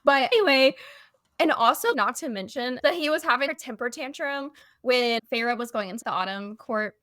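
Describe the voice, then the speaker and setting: A woman co-hosting a casual book podcast, venting with heat and cursing. Her voice sits a touch higher than usual for a woman. The sound is dry and close. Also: moderate pace, a bit bright, dry recording. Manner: heated venting, swearing. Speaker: podcast co-host.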